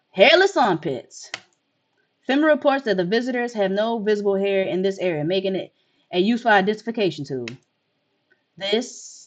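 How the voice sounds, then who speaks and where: A woman's voice: medium pitch, muffled recording, close to an everyday voice. A woman reading a game's news bulletin aloud as a formal news anchor.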